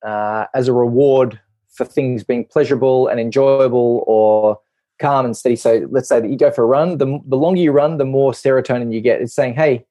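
A man with a dark, mellow voice explains things to a podcast host, and he is clearly a doctor. He talks with energy and drops into quick put-on voices for his examples. The recording is close and dry. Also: medium pitch, no room sound, dull audio. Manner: animated, acts out little voices in his examples.

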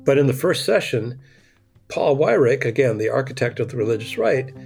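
A man in an interview thinks back on a past experience, speaking in a reflective, unhurried way at a middle pitch. Light music sits faintly behind his voice. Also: sing-song, creaky, darkish tone. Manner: reflective, recounting personal memory. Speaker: interviewed scholar. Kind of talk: recorded interview recollection.

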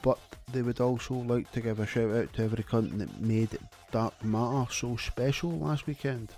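A Scottish man hosting a radio show, reading listener texts in deadpan, sweary comic patter. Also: medium pitch, normal speed, vocal fry, soft background music.

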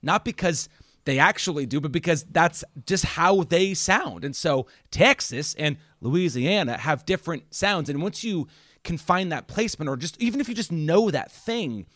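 A young man, a podcast guest, chatting casually about film, animated and swearing freely. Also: fairly high pitch, moderate pace, no room sound, studio quality.

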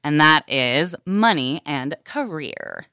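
Playful woman co-host, bright crisp voice, unhurried delivery, casual podcast chat. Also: low-pitched, expressive, dry recording, studio quality.

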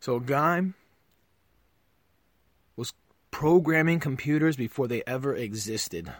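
A man hosting a podcast, delivering a profane comedic rant that swings between loud outbursts and low mutters. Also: expressive, a little slow, no echo.

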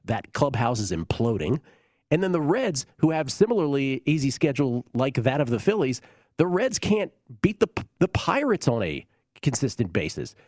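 A man hosts a sports betting show and gives his picks in blunt, confident, dismissive terms. His voice sits at an ordinary pitch and sounds dry and close, with no room around it. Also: big pitch swings, normal speed, a little mellow, dry recording. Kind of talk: casual sports betting talk.

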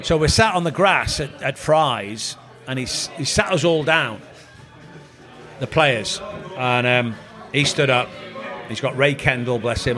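A man's voice: mid-range voice, a bit bright. A middle-aged man, a former footballer telling rambling anecdotes in casual chat. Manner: rambling anecdotal, quotes others in voices. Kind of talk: storytelling chat.

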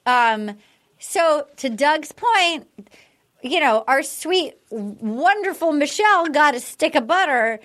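A woman's voice: sits high, lively intonation, takes it slowly, fairly bright tone. A woman chatting casually as a podcast host, recapping a dating show and acting out quotes in mocking voices.

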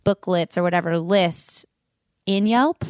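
A young woman chatting casually as a guest, animated and playful, often laughing and putting on mock voices. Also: lowish voice, a little slow, no room sound, clean studio sound. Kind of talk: casual chat.

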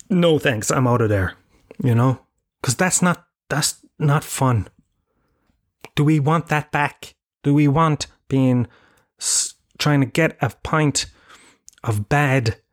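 An Irish man in his thirties hosting a podcast alone, rambling and swearing in a self-mocking way. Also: medium pitch. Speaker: podcast host. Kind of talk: casual solo monologue. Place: home room with bookshelves.

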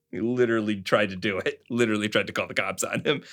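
A man's voice: lowish voice, fast. A man co-hosting a book podcast. He chats casually and laughs often, and he reads a first-person crime novel aloud. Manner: laughs often, says "like" often in chat, steady when reading.

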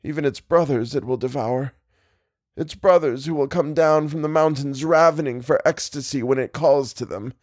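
A man's voice: on the high side, a little mellow, no room sound, studio quality, voice pushed up, lightly acted. A man voicing a trembling, haunted scholar. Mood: hushed. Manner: faltering, halting, sobbing speech. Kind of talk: audiobook character voice.

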